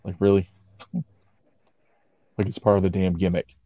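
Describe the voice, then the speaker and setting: Laid-back man, low voice, muffled lo-fi sound. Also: little pitch movement, moderate pace, no room sound. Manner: laid-back, laughs often, peppers speech with "like". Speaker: podcast co-host. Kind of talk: casual chat recapping wrestling. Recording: muffled lo-fi audio.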